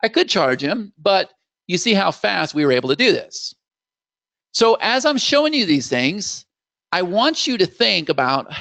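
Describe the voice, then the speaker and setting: A man hosting a live screen-share software demo, upbeat and salesy, talking straight to viewers as "guys" and acting out how clients would react. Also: high voice, big pitch swings, normal speed, vocal fry, no echo, dull audio. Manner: acts out clients' reactions in quoted voices.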